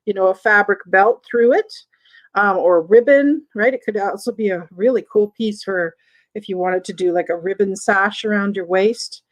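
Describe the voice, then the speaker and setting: A woman's voice: mid-range voice, lo-fi sound. A woman with a Southern American accent hosting a live online vintage sale in a chatty way, reading viewer comments aloud between descriptions of items. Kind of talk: live-stream sales chat.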